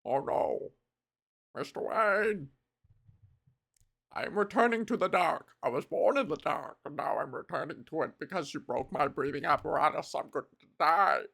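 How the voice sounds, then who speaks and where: A woman's voice: low voice, expressive, normal speed, creaky, fairly bright tone, breathy edge, pitched below the performer's own voice, full character voice. A woman putting on a melodramatic dying man. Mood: dramatic despair. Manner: theatrical, swearing, wailing. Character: melodramatic dying man who lost his breathing pipe.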